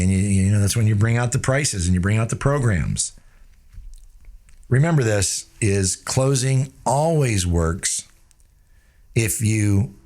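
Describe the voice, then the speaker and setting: A man gives a sales lesson in an energetic coaching manner. His voice sits at an ordinary middle pitch but often jumps higher or drops low as he demonstrates. He keeps tossing in quick tag questions to draw the listener in. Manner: changes pitch and tempo to demonstrate. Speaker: sales trainer. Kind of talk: instructional talk.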